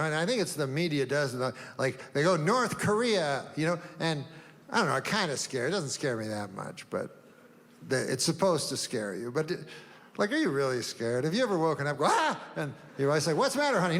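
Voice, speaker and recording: An older man doing a deadpan stand-up set, rambling through long setups with drawn-out pauses and sudden asides. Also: on the high side, big-room sound. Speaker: stand-up comedian.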